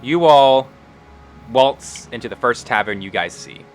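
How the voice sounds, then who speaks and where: A man's voice: medium pitch, measured pace, faint music behind. A man narrating a tabletop game as game master, casual and profane, laughing often. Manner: casual, laughing, swears freely.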